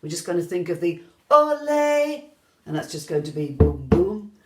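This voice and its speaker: A woman teaching an online rhythm lesson, gentle and encouraging, singing out the beats as she counts them. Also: lowish voice, sing-song, a little slow, noisy background. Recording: echoey room.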